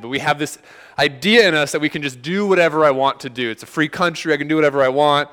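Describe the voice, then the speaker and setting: A man's voice: medium pitch, fast, sharp tone, clean tone. A man preaching a sermon in a casual, conversational way, telling stories with quoted back-and-forth dialogue. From United States. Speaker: pastor.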